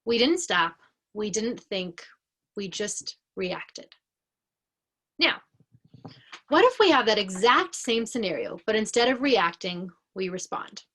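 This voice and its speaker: Slow, deliberate woman educator. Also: medium pitch, animated, a bit bright. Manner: slow, deliberate, clearly paced explanation. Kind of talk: explanatory lesson.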